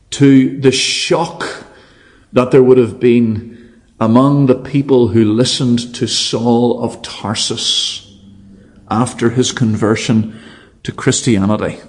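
A man's voice: mid-range voice, takes it slowly, a little mellow. A man preaching an evening sermon, emphatic and fond of rhetorical repetition.

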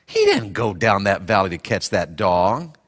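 A man's voice: fairly low pitch, big pitch swings, measured pace, long reverb tail. A male pastor preaching a sermon, telling a folksy personal story and acting out the voices in it.

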